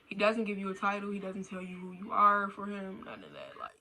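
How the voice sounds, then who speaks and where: A woman's voice: mid-range voice, huge pitch swings, fairly quick, pushed and bright, slight background noise, rough recording. A young adult woman talking casually in a blunt, slangy, profane way, repeating her points for emphasis. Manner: repetitive, emphatic. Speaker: vlogger. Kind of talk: casual rant.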